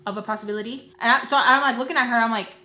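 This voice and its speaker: Young woman doing a storytime vlog, chatty with tons of "like", bright voice, slightly high, echoey room. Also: rapid-fire. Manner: animated, lots of filler "like", quotes others in lively voices. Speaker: storytime vlogger. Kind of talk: casual storytime. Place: indoors at home doing makeup.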